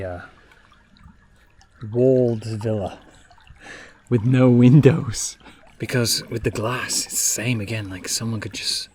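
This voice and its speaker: A man telling a travel vlog story in a jokey, animated way, now and then dropping to a hush, outside a villa at night. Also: lowish voice, a little hiss or hum. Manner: animated, jokey, drops to hushed tones. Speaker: travel vlogger. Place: villa pool area at night.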